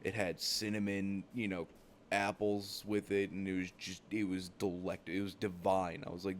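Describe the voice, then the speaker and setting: A man's voice: deep voice, little pitch movement, normal speed, a little hiss or hum. A young man from the United States, hosting a gaming channel, tells rambling, profane travel stories full of "like" fillers. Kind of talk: casual storytelling while gaming.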